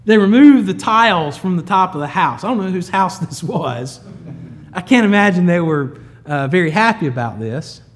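A pastor preaching a sermon, his fairly high voice climbing into ringing, forceful peaks. He then sinks to a near hush. His storytelling is lively and animated throughout. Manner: swings from soft low storytelling to loud, high, emphatic peaks.

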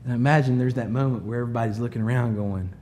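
A man preaching a sermon, moving from quiet, low storytelling to loud, emphatic high peaks. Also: fairly even intonation, rapid-fire, slight background noise. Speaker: pastor.

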